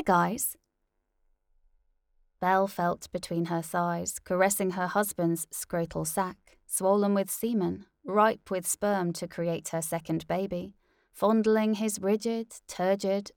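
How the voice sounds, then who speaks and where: A woman narrating a novel aloud in a measured, deliberate way. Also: fairly low pitch, fairly even intonation, gravelly, darkish tone, no echo, clean studio sound.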